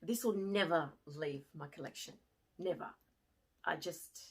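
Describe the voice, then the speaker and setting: Woman from Australia, middle-aged vlogger, breathy voice, animated storytelling. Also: fairly low pitch, moderate pace. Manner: animated, swings from hushed to excited. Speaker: fashion vlogger and former teacher. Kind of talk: emotional storytelling to camera.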